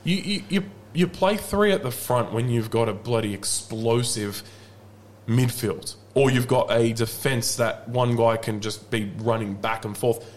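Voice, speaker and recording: A man's voice: medium pitch, unhurried, a little hiss or hum. A man co-hosting a football podcast, giving firm opinions in casual chat. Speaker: podcast co-host.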